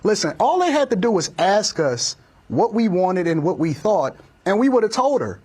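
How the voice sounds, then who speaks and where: A man's voice: high-pitched, sing-song, normal speed, darkish tone, husky. A man giving heated political commentary, emphatic and hammering points by repeating them. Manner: emphatic, repeats phrases for force.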